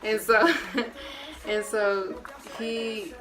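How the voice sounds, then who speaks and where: A woman's voice: mid-range voice, little pitch movement, extremely slow, noisy background. A young woman vlogger chatting casually and telling a personal story straight to her viewers, full of slang. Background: music.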